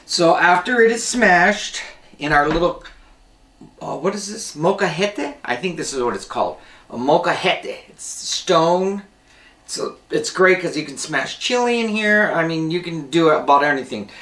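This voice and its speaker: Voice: mid-range voice, expressive, measured pace, a bit bright, far from the mic. A cooking show host giving a casual, rambling demonstration, often correcting themselves mid-sentence. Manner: chatty, rambling, self-correcting. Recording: roomy kitchen, voice off-mic.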